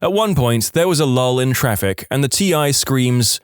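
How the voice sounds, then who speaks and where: A man's voice: mid-range voice, lively intonation, moderate pace, few pauses, clean tone, no room sound, studio quality. A man reading reddit stories aloud in a matter-of-fact storytelling way. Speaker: narrator.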